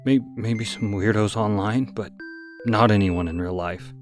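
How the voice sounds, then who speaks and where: A man's voice: lowish voice, steady tone, unhurried, faint music behind, close to an everyday voice. A man voicing a grieving middle-aged father who stammers through his words. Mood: choked. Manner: stammering, choked.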